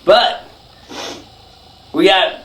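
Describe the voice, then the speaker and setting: A man telling a rowdy, profane story, laughing as he acts out the people in it. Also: extremely slow. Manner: profane, laughing, animated retelling. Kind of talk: casual storytelling. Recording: roomy, distant mic with faint noise.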